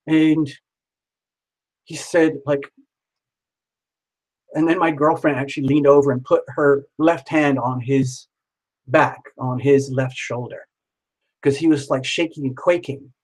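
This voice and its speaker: A man's voice: medium pitch, fairly even intonation, a little slow, pauses often, a little mellow, low-quality recording. A man telling a story casually, rambling and repeating himself, with some swearing.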